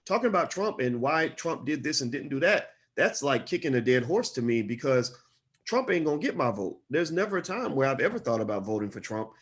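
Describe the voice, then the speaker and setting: A middle-aged man giving solo commentary, impassioned, repeating his phrases and climbing higher as he gets worked up. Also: a little fast. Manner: impassioned, repeats phrases, rises in pitch when animated.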